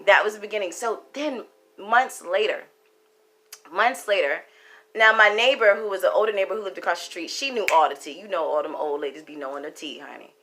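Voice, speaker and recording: Storyteller vlogger: young woman, crisp bright tone, emphatic and casual, swears freely. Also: mid-range voice. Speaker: tarot card reader.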